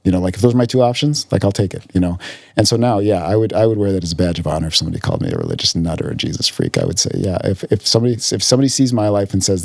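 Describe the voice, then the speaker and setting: A man's voice: low-pitched, big pitch swings, racing, gravelly, darkish tone, no echo. A man as a podcast guest, talking earnestly in casual conversation and often repeating words as he searches for them. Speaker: podcast guest, physician in recovery.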